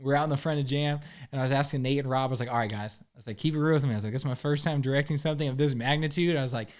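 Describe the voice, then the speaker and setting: Talking at a racing pace, a young man on a podcast keeps the chat casual in a normal middle-pitched voice. He's relaxed and loose, sprinkling in "like" and "bro" and mimicking the people he quotes with small voices.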